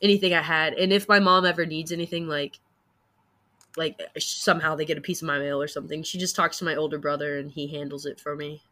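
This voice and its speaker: Woman, 20s, podcast guest; bright, frank, casual storyteller. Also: sits low, steady tone, fast talker. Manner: frank, casual, swears freely. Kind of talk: candid personal storytelling.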